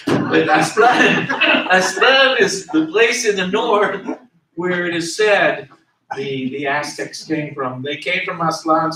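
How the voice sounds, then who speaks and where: A man lecturing in a room with a lingering echo, his voice picked up from across the space. He speaks slowly and a touch high, going over each term again and spelling words out for the class. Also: background noise. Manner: explanatory, repeats and spells out terms. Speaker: history lecturer. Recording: echoey room, voice from a distance.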